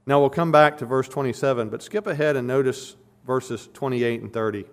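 A man's voice: medium pitch, fairly quick. A man preaching an expository sermon, emphatic and repeating phrases to stress his points.

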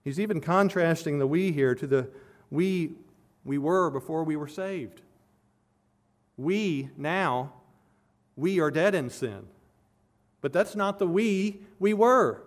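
A man's voice: fairly high pitch, expressive, slow, long pauses. A man preaching an expository sermon, earnest and building to emphatic peaks as he explains a scripture passage verse by verse.

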